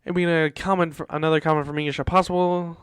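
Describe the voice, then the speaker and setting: Exasperated high-voiced man ranting. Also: level tone, very fast, clean tone, no room sound. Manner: exasperated ranting, repeats himself. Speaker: host. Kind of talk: casual sports talk show.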